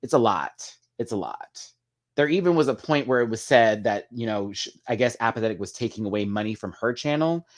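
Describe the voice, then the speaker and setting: A man hosting a live chat, talking casually and gossipily to viewers, calling them "girl" and "y'all", with big sudden swings in pitch and loudness. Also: lively intonation, a little fast. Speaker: livestream host.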